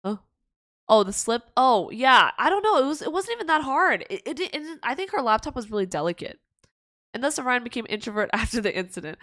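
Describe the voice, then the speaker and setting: A woman's voice: on the high side, big pitch swings, brisk, fairly bright tone, no echo, studio quality. A young woman streaming live, chatting casually with viewers in a rambling, giggly way. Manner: rambling and giggly, with many restarts. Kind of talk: casual livestream chat answering viewer questions.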